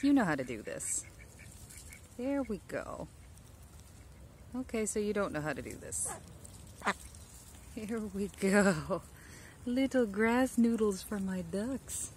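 A woman keeping ducks in her backyard talks to them in sweet, cooing baby talk while filming on a handheld phone. Her voice sits in the mid range, and there's a bit of background noise in this casual vlog.

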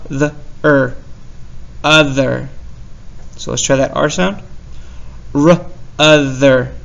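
Slow-spoken gravelly male teacher. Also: medium pitch, muffled recording. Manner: slow, sounding out words with playful self-teasing. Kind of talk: online spelling lesson.

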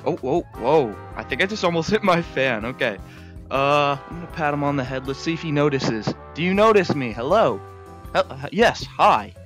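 A man giving excited, chatty commentary to his viewers while he plays a video game in a room at home. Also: on the high side, normal speed, soft background music. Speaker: gaming YouTuber.

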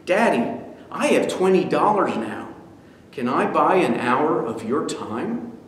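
A man's voice: high voice, big pitch swings, a little slow, recorded from a distance, slight background noise, voice pushed up. A man voicing an earnest, pleading five-year-old boy in a story told at a devotion. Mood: hopeful. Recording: echoey hall.

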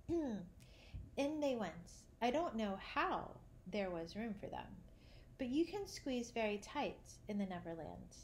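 A woman narrating a children's classic, reading gently and lifting her voice for the characters' lines. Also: fairly high pitch, big pitch swings, takes it slowly, a little hiss or hum. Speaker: audiobook narrator. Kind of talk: storybook reading.

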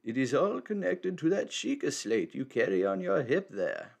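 A man voicing a mysterious, teasing old male hermit in a slow, measured old man voice, reading game dialogue aloud. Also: fairly high pitch, big pitch swings, vocal fry, pitched above the performer's own voice, exaggerated voice. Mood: cryptic, teasing.

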